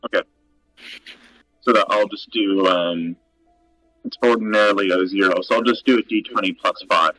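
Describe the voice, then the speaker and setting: A man's voice: low-pitched, fairly even intonation, normal speed, pauses often, pushed and bright, dry recording, soft background music, poor audio. A man playing a tabletop game, thinking aloud and asking about the rules. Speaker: player. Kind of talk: casual tabletop game talk.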